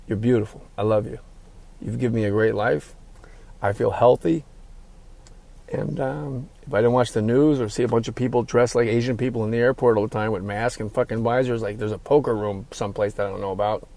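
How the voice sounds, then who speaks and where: A man's voice: mid-range voice, gravelly, a little mellow. A middle-aged man hosting his podcast alone, rambling and ad-libbing in a profane, casual monologue. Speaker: podcast host.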